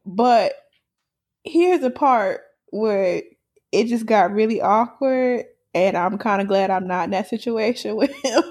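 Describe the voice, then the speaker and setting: Lively laughing woman telling a story. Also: medium pitch, unhurried. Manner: animated, laughs often, swears casually. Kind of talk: casual chat, storytelling.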